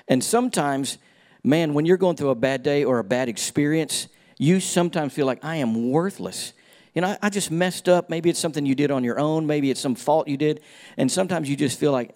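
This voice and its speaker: A pastor in his fifties with a medium-pitched voice preaches a sermon built around a personal story. He uses folksy humor and shifts between hushed moments and emphatic points.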